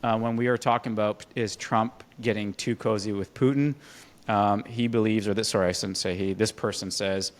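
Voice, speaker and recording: A man with a lowish voice co-hosts a casual politics podcast. He reads out listener comments with a wry, teasing edge. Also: steady tone, moderate pace. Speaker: podcast co-host.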